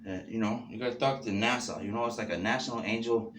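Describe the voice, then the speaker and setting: A man's voice: lowish voice, fast. A man hosting a rambling, casual monologue, free-associating and peppering his talk with "you know" and "man". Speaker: host. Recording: noisy background.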